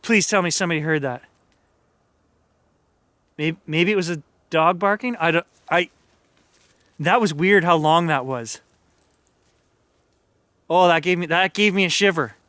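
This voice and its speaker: Excited high-voiced man in the woods. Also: clear, resonant tone, no room sound. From Canada. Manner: excited, talks to spirits and viewers, quick chuckles. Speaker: paranormal vlogger. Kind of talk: live outdoor spirit box session. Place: cold woods outdoors at night.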